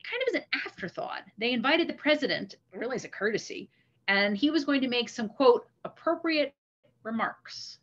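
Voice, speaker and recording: A woman giving an online history lecture as guest presenter, telling the story with earnest feeling and pausing to recite a speech. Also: fairly high pitch, sharp tone, highs cut off. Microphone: computer mic on a video call.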